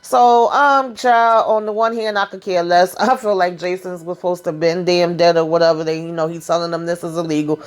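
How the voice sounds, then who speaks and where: A woman's voice: lowish voice, steady tone, fairly quick, few pauses. A woman casually recapping a TV episode in a chatty, sassy way, full of asides and quoted lines. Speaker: TV show recap vlogger.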